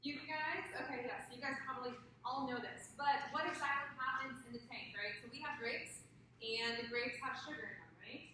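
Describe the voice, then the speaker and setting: A woman's voice: high voice, fairly even intonation, moderate pace, pushed and bright, slight background noise. A woman teaching a group about winemaking, often checking in with "right?". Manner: checks in with tag questions, engaging the group. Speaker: wine instructor. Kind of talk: classroom lecture. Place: training room with a group. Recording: echoey room from far off.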